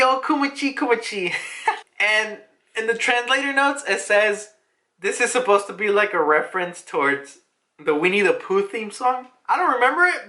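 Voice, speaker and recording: An excitable woman talking through a comic chapter in a loose, casual recap, cursing freely as she goes. Her voice is bright and lively, bouncing around a lot in pitch. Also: roomy sound. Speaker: manga reviewer.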